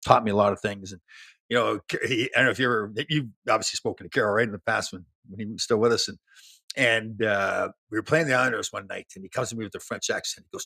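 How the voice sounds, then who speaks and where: Older male guest, husky, quick, low voice; dry close sound. Animated storyteller. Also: no echo. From Canada. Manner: animated storyteller, laughs, many restarts. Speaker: guest, former pro hockey player. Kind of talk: casual storytelling interview.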